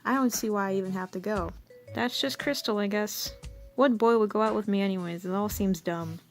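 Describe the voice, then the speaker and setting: A woman's voice: mid-range voice, brisk, soft background music, close to an everyday voice. A woman voicing a glum, insecure teen girl in a mopey tone.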